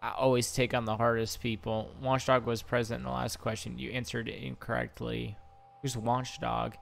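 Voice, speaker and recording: In this let's play, a young man who makes gaming videos on YouTube reads out the game's on-screen questions and exclaims in reaction. His delivery is flat and creaky, mid-range in pitch at normal speed, with soft music underneath.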